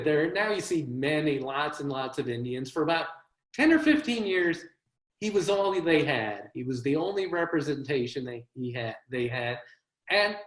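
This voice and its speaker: A man, a comedy writer, giving a one-man show with wry, self-deprecating comic storytelling over a video call. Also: a little high. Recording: roomy echo.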